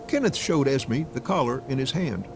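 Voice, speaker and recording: A man reading a story game aloud as a let's play narrator, with an expressive delivery. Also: medium pitch, normal speed, vocal fry, music in the background.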